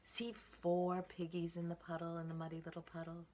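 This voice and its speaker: Low-voiced woman reading a picture book aloud. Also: completely flat delivery, moderate pace, mellow. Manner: rhythmic, singsong read-aloud. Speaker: storytime reader.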